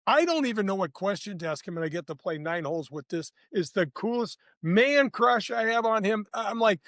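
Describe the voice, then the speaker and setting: A man in his sixties from St. Louis, a former tour golfer telling lively, slangy stories as a podcast guest. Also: sits high, brisk, few pauses, no echo, clean studio sound. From St. Louis, USA. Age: 60s. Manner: lively, slangy, addresses the host directly. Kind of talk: casual anecdotal storytelling.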